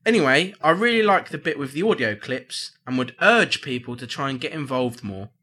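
A man's voice: mid-range voice, fairly quick, slightly rough. Giggly man hosting a rowdy podcast. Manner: giggly, excitable, reads listener email aloud. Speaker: podcast host. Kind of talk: rowdy casual banter.

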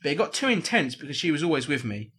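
A man's voice: on the high side, sing-song, fast, very noisy. A man co-hosting a casual podcast, reading out problem letters with a jokey, laughing delivery.

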